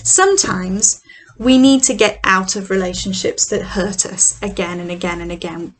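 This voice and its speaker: A middle-aged woman leading a children's church session, telling a Bible story with props in an animated, expressive way. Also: medium pitch, normal speed, rough recording.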